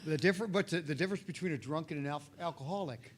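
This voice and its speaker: Man, audience member, slightly high voice, joking, chatty. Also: fast. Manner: joking, chatty, stumbling starts. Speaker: audience member asking a question. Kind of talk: convention Q&A question.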